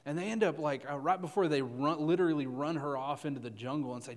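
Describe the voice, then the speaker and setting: A man's voice: a little high, fast talker, in a large hall. A man preaching as a youth pastor, telling a story in a loose, chatty way full of "uh"s and "right?"s. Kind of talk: conversational sermon storytelling.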